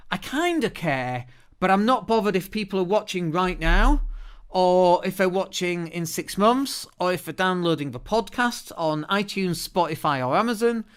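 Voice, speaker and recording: A British man hosting a solo podcast, talking in a chatty, lively way into a studio microphone and often restarting his words. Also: high-pitched, clear, resonant tone. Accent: British English. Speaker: podcast host.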